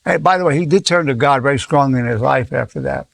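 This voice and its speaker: A man's voice: medium pitch, fast talker, creaky, no room sound. A man in his eighties, a psychologist, giving an informal lesson full of stories, often repeating himself and acting out quoted dialogue. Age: 80s. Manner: repeats words and restarts, acts out quoted dialogue. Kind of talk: informal teaching talk with anecdotes.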